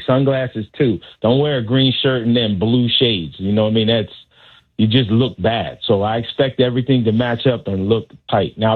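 A man who works as a golf caddy, a guest telling lively stories on a radio show and acting out the voices, heard over a tinny phone line. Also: mid-range voice. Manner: animated, acts out voices in his stories. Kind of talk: casual storytelling on a radio show.

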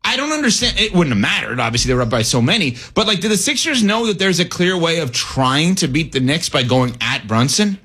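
Husky male sports-talk host, emphatic and argumentative. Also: fairly high pitch, big pitch swings, bright, forceful tone. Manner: emphatic, argumentative, quick to challenge others. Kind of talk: casual sports debate.

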